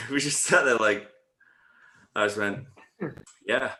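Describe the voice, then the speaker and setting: A man's voice: fairly low pitch, slow pace, bright, forceful tone, poor audio. A man joining a live online chat as a guest over a video call, teasing the hosts with brash banter. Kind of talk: casual chat.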